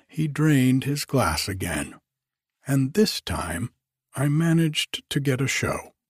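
A man reading a novel aloud as narrator, in a measured, expressive storytelling manner. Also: mid-range voice, slightly rough, no room sound, clean studio sound.

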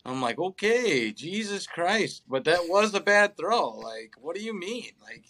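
A man's voice: high voice, very animated, a little slow, sharp tone. A young man co-hosting a casual sports chat, ranting in an exasperated way and swearing often. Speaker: podcast co-host.

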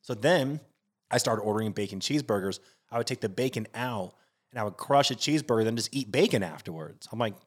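A man co-hosting a podcast in casual chat, swearing freely and breaking into animated outbursts. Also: on the low side, a little fast. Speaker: podcast co-host.

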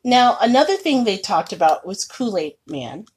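A woman co-hosting a podcast in casual chat, laughing often and animated. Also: medium pitch, breathy edge. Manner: laughs often, animated, quick bursts of surprise. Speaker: podcast co-host.

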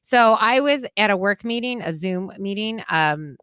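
A woman's voice: medium pitch, expressive, measured pace, fairly bright tone. A woman co-hosting a podcast in casual chat, easygoing and playful with slang. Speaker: podcast co-host.

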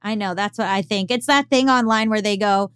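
Smooth-voiced woman podcast host. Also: medium pitch, fairly quick, no room sound, clean studio sound. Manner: candid, rambling, with frequent fillers. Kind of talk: casual podcast chat.

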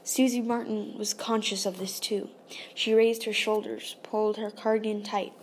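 A woman narrating an audiobook in a soft, hushed, often half-whispered delivery. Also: mid-range voice, little pitch movement, normal speed, few pauses, slight background noise. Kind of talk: scripted narration.

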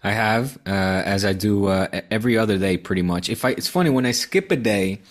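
Rambling, playful man, lowish voice. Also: fairly quick. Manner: rambling, playful, many uh fillers. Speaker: podcast co-host. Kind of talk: casual podcast chat.

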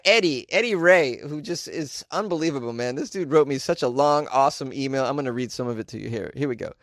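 Tipsy comedian guy doing his podcast, jokey and animated, dry close sound. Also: mid-range voice, no room sound. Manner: jokey, animated, reading listener mail aloud. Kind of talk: casual podcast monologue.

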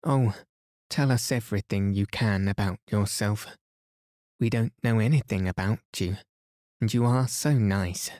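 An eager, earnest young girl who pleads and hurries to agree, as a man reading a bedtime story puts her on. He lifts his voice a little above his own low register, still keeping it slow and gentle. The sound is close and dry. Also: no echo, close to an everyday voice.

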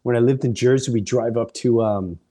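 A man hosting a podcast, telling animated, rambling off-the-cuff stories that wander off on side paths. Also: medium pitch, fairly quick. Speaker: podcast host, comedian. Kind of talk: off-the-cuff storytelling.

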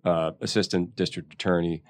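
A man in his sixties from Philadelphia, chatting as a guest in an interview. His voice is very deep, and he talks thoughtfully, often restarting as he searches for words. The recording is dry and close. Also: flat delivery, fairly quick, dry recording. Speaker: guest actor. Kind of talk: casual interview chat.

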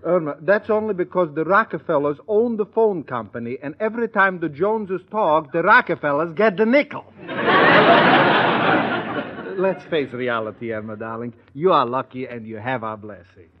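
An actor playing a fussy, affectionate older professor in a 1940s radio sitcom, talking in a doting, theatrical way. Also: male voice, on the high side, moderate pace, slight background noise, lightly acted. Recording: dull old radio recording.

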